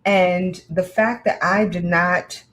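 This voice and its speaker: A woman in casual chat, telling a candid personal story with animated, frank delivery. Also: on the low side, takes it slowly, rough recording.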